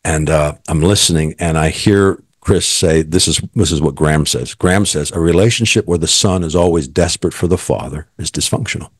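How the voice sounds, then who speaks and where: A man's voice: extremely low pitch, fairly quick, hardly any pauses, breathy edge, dry recording, studio quality. A middle-aged man, a guest, earnestly telling his personal faith story and quoting what others said.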